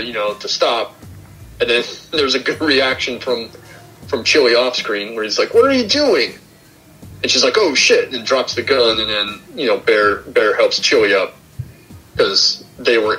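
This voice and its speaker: This young podcast host has a mid-range voice with a bright, forceful tone, captured on a rough recording. He chats casually through a film review, recounting the plot scene by scene and performing characters' dialogue.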